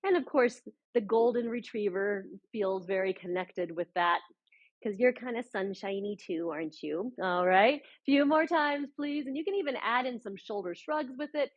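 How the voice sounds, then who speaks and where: A woman leading a guided chair yoga class as an adaptive yoga instructor, giving gentle, encouraging cues with frequent fillers. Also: fairly high pitch, moderate pace, muffled recording.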